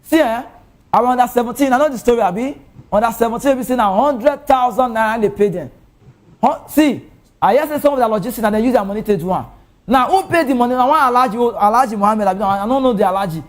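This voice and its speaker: A man with a Nigerian Pidgin accent hosting a casual commentary show, talking with animated rhetorical questions. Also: very high-pitched, fast. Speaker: show host.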